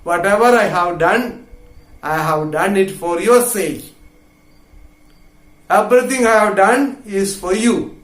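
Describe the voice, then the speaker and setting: A man's voice: high voice, slow pace, long pauses, a bit bright. A male English literature teacher explaining a play line by line, patiently repeating and paraphrasing each point. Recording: roomy echo.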